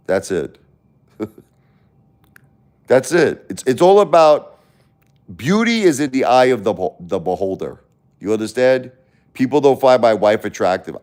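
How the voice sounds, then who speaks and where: A man's voice: lowish voice, darkish tone. A man hosting a casual livestream, talking bluntly and repetitively to his chat, confronting viewers by name. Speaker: livestream host.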